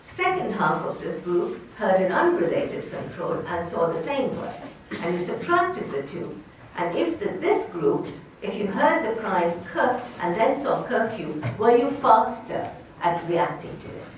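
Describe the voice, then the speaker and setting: An older woman professor delivers an academic lecture, explaining step by step and posing questions to the audience. Her pitch rises and falls freely. The sound is strongly echoey, picked up from a distance in a large hall. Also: sing-song, a little slow, a little hiss or hum. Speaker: linguistics professor giving a lecture.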